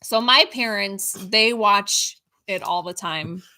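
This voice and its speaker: Middle-aged lady cohosting a stream, bright voice, chill, super dry close mic. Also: medium pitch, takes it slowly, no room sound. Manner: easygoing, laughs along. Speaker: co-host reading viewer questions. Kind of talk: casual live-stream chat.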